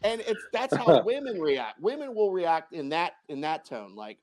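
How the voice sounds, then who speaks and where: A man working as a dating coach, answering interview questions in a lively, profane way and often laughing. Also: a little high, normal speed, few pauses.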